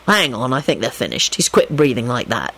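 A woman reading an audiobook, voicing a sardonic, irritable young man who talks in a dry, deadpan way. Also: rumbling low, fairly quick, pitched below the performer's own voice, full character voice, low-quality recording. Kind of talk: audiobook narration.

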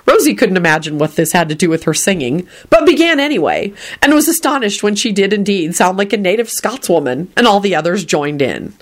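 A woman's voice: medium pitch, sing-song, brisk. A woman reading a story aloud, telling it expressively. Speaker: reader.

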